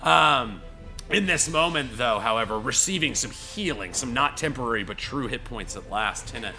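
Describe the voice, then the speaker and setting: A man's voice: mid-range voice, moderate pace, gravelly, faint music behind. A man narrating as game master, rambling with many fillers and acting out the scene. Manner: rambling, lots of "you know" and "like"; animated, acts out scenes.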